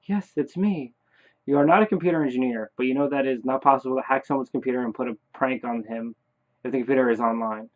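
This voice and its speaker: A man reading a horror text game aloud in second person, halting and correcting his own slips. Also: mid-range voice, fairly even intonation. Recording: tinny phone-like sound.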